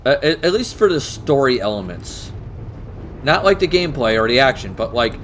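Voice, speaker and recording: A man's voice: medium pitch, big pitch swings, moderate pace, a bit bright, slight background noise. A man co-hosting a casual chat about tabletop games, rambling, swearing casually and laughing often. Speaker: podcast co-host.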